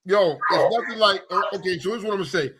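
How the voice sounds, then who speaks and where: A man from New York City co-hosting a radio talk show, bantering in an animated, slangy way and cutting in to tease his co-host. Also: sits high, quick pace, a loud crowd. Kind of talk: casual banter.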